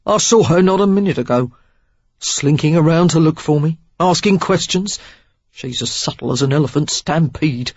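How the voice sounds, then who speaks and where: Narrator doing a cold menacing club owner guy, low and husky, dull dry audio. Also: moderate pace, hardly any pauses, no echo. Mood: grim. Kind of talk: audiobook character voice.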